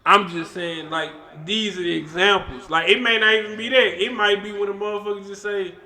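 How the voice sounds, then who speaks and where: Podcast host, man, high bright voice, animated and emphatic. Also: a little fast, hardly any pauses. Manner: animated, emphatic, swearing freely. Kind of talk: casual chat.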